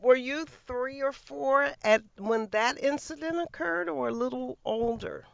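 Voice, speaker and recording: Slow, gravelly interview host. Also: high voice, dry recording. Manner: measured, attentive questioning. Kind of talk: conversational interview. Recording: slightly muffled, lo-fi audio.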